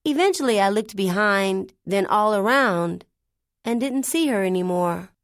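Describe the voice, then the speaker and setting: A woman's voice: medium pitch, animated, measured pace, no echo, studio quality. Wry woman reading a first-person story. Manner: chatty, wry and conversational. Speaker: audiobook narrator.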